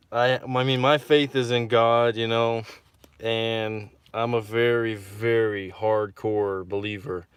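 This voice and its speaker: A man's voice: lowish voice, clear, resonant tone, dry recording. A man from Texas hosting a casual livestream and reading out viewer comments, rambling and repeating himself with lots of fillers.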